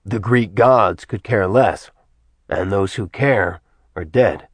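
A man voicing a tired, blunt former god in a low, plain voice. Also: slow, breathy edge, no room sound. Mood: weary. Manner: dry, weary, blunt. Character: weary ancient male ex-god, gruff.

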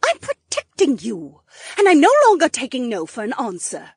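A woman's voice: moderate pace, slightly rough, dry recording, full character voice. A woman reading an audiobook's dialogue, voicing several characters with wide swings in her voice. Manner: expressive, shifts pitch widely between characters.

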